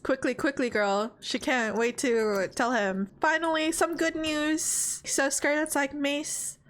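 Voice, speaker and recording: A young woman giving dramatic, animated commentary while playing a life sim game. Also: high-pitched, unhurried. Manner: dramatic, animated, exclaims often. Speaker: streamer. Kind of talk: let's play commentary.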